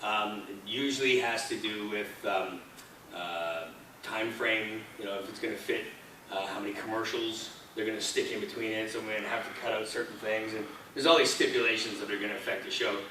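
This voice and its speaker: A guest on a convention panel, this man recounts chatty anecdotes a little fast in a low-leaning, fairly even voice. Someone in the audience seating filmed it, leaving a distant, echoey hall sound with background noise.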